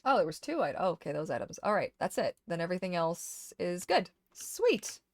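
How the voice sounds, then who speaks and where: A woman streamer casually chatting to herself while sorting items in a game, getting animated when something excites her. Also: lowish voice, fast, no echo. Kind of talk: casual gameplay chat.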